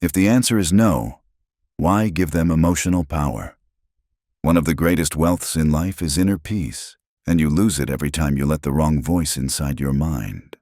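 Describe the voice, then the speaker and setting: A man narrating a self-help audiobook from a script, speaking dramatically in short punchy phrases with pauses between them. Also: extremely low pitch, darkish tone, dry recording, studio quality.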